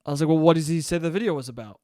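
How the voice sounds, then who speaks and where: A young man telling a rambling, profane story alone on his podcast, bursting into loud outbursts. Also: fairly high pitch, rapid-fire, dry recording, studio quality. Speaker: podcast host. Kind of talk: solo podcast monologue.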